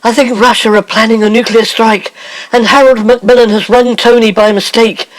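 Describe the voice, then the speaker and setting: A man voicing a sensible, homely middle-aged woman, speaking gently and matter-of-factly. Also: extremely high pitch, flat delivery, normal speed. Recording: heavy background hiss.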